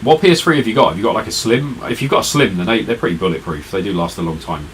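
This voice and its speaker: Tired, rambling deep-voiced man. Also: quick pace, a little hiss or hum, rough recording. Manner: rambling, chatty, talks to viewers in chat. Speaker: retro gaming live streamer. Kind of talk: casual live-stream chat.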